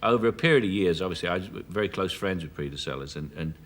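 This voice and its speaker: Cockney male actor, 50s, chat show guest; low pitch, bright edgy tone, anecdotal and chuckling. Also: lively intonation. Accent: Cockney London. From South London, England. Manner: anecdotal, chuckling, halting restarts. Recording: 1980s television studio broadcast.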